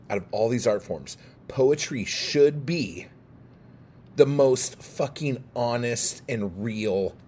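A man's voice: medium pitch, a little mellow, a little hiss or hum. A man ranting heatedly to camera, swearing constantly and pushing his points with emphatic bursts. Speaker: poet and video creator.

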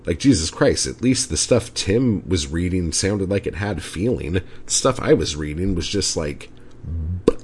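A podcast host with a low, husky voice goes on a rambling, casual solo rant. He's profane throughout and keeps dropping filler words, with "like" coming up often.

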